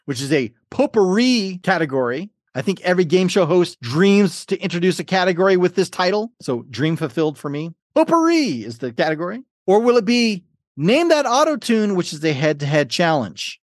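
A man's voice: high voice, sing-song, normal speed, no room sound, clean studio sound. A man hosting a trivia game podcast, reading questions and fun facts with playful, jokey asides. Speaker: podcast host and quizmaster.

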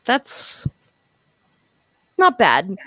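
A woman co-hosting a casual chat about a tabletop game, expressive and quick to laugh as she steers the talk. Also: mid-range voice, no echo. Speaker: podcast co-host.

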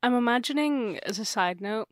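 A woman's voice: a little high, animated, normal speed, no echo, studio quality. A woman co-hosting a podcast, reacting playfully and joking in casual chat. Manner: playful, jokey, acts out silly scenes. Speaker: podcast co-host.

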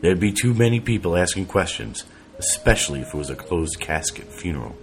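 A man narrating an audiobook in a steady, even reading voice. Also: low-pitched, brisk, a little hiss or hum.

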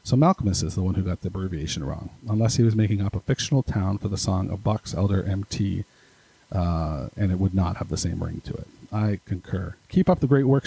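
A man's voice: low-pitched, creaky, mellow, slightly rough, low-quality recording. A man hosting a casual podcast, reading listener emails aloud with rambling, self-deprecating asides. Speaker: podcast host.

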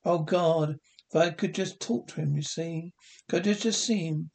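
A broken-down middle-aged dad begging, stammers, kinda high voice, 60s tv drama. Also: male voice, normal speed, creaky, darkish tone. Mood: grieving. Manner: pleading, stammering with emotion. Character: grieving older male bookie and drunk, desperate father. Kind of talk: 1960s TV drama acting.

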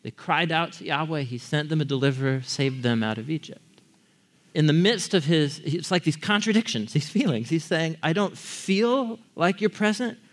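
Conversational male preacher, slightly high voice. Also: animated, normal speed. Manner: conversational, asks the congregation questions. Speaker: pastor. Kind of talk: sermon.

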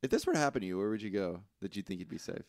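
Wry, laughing podcast co-host. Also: male voice, lowish voice, sing-song, racing, a little mellow, dry recording, studio quality. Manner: laughs often, wry quips. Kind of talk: casual podcast banter.

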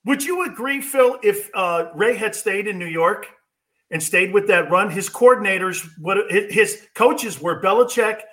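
Sports radio host guy, high bright voice, chummy, laughs with his guest. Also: unhurried. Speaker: host, former player. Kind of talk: sports talk show.

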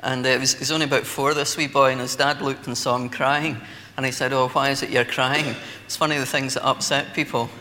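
A man's voice: mid-range voice, flat delivery, fast, hardly any pauses, pushed and bright. A Scottish man preaching a sermon, telling stories in a conversational way with light laughter. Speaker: pastor. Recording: long hall reverb, faint ambience.

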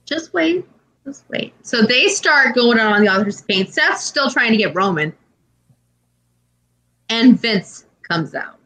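A woman co-hosting a casual podcast, telling an animated story peppered with swearing and filler words. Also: fairly high pitch, measured pace, low-quality recording. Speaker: podcast co-host. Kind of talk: casual chat.

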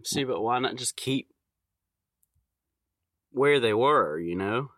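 A man's voice: medium pitch, expressive, slow pace, a bit bright, no echo, studio quality. A man co-hosting a podcast, chiming in with short reactions and off-hand questions. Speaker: podcast co-host. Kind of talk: casual chat.

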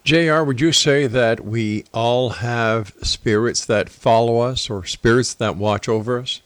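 A man hosting a talk show, asking measured questions and laying out long explanatory theories. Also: medium pitch, clear, resonant tone, no room sound. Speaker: radio talk show host. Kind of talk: interview questions and commentary.

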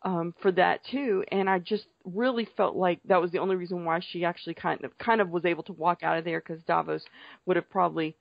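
A woman's voice: lowish voice, fairly even intonation, a little fast, vocal fry, no echo. A woman co-hosting a casual podcast, a little tipsy, talking hesitantly with many restarts. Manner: hesitant, full of fillers and restarts. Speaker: podcast co-host. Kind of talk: casual TV recap chat. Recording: dull lo-fi sound, dry room.

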